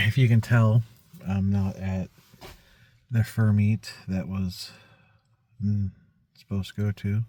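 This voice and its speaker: A man talking casually to camera in a rambling vlog, recounting a frustrating week with many restarts and asides. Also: deep voice. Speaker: vlogger.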